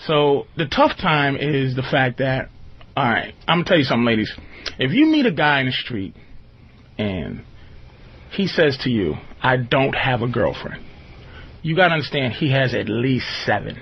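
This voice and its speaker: A man's voice: medium pitch, very animated, normal speed, husky, muffled recording. A man hosting a radio talk show, talking casually in a rambling, emphatic way and often checking that the listener follows. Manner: rambling, emphatic, often asks "you understand".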